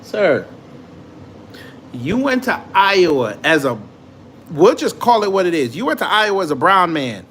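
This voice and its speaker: A man's voice: high-pitched, very animated, measured pace, long pauses, a bit bright, slight background noise. A man hosting a casual reaction commentary show, joking and mocking the clips he plays, and often breaking into laughter. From immigrant to the United States.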